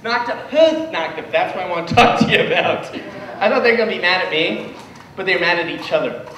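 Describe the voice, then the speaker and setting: Young guy doing standup, super high voice, yelling and hyped, noisy room. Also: fast, far from the mic. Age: 20s. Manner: loud, excitable, shouting punchlines. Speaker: stand-up comic. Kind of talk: stand-up comedy set. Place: comedy club stage. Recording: echoey room, voice from afar, noisy.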